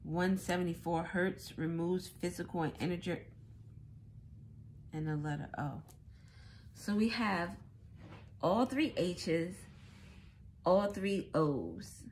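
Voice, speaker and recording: A woman giving a casual tarot reading, thinking out loud as she goes. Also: fairly low pitch, slow, pauses often, slight background noise. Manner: musing aloud, thinking out loud. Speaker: tarot reader.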